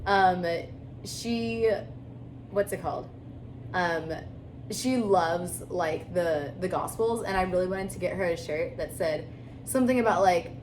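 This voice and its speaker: A woman's voice: fairly low pitch, low-quality recording. A young woman co-hosting a podcast, chatting casually in a playful, teasing way. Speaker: podcast co-host. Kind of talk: casual chat. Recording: audible background noise.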